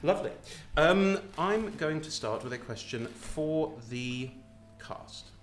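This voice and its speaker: A man's voice: a little high, lively intonation, slow, echoey room, slight background noise. A British man, the dungeon master, hosting a loose, chatty live question-and-answer session on stage in a small theatre. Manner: chatty, loose, laughing often.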